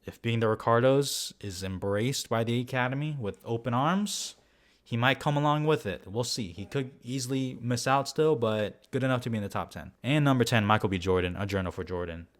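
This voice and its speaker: A young man giving a casual, animated rundown of his film award predictions, swearing now and then and joking at his own expense. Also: medium pitch, brisk. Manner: casual, animated, swears, self-mocking asides. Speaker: film vlogger.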